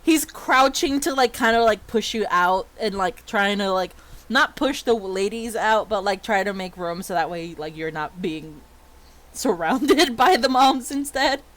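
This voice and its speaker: A woman's voice: mid-range voice, lively intonation, a little slow, a bit bright. A woman narrating a tabletop role-playing game as game master, in rambling, filler-heavy talk. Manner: rambling, many fillers and restarts, laughs often.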